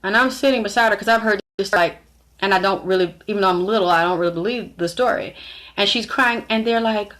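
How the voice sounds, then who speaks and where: A woman's voice: mid-range voice, quick pace, a bit bright. A middle-aged woman vlogger telling a personal story to her viewers, blunt and frank, talking straight to them. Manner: blunt, frank, acts out others' lines in shifted voices.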